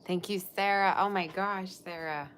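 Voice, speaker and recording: A woman's voice: lowish voice, steady tone, normal speed, a bit bright, slight background noise. A woman reading tarot on a live stream, gushing over her viewers and chatting loosely between cards. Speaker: tarot reader.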